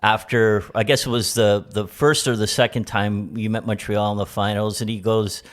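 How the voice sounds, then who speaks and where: A middle-aged man with a slightly low voice hosts a relaxed podcast conversation. He prompts with easy questions and slips into relaxed storytelling. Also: moderate pace. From Canada. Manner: easygoing, prompting questions and retelling family anecdotes. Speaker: podcast host. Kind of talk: casual podcast interview.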